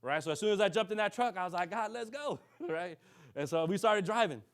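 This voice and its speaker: Guy preaching fast, higher voice than most men, keeps asking the congregation "right?". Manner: lively storytelling, acts out quoted dialogue, keeps checking in with the congregation. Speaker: minister. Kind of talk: sermon storytelling.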